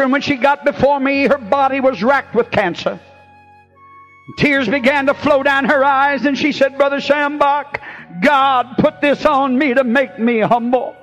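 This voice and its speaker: A man, a pastor preaching a revival sermon to a congregation in church, telling folksy stories and shouting drawn-out refrains. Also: very high voice, highs cut off.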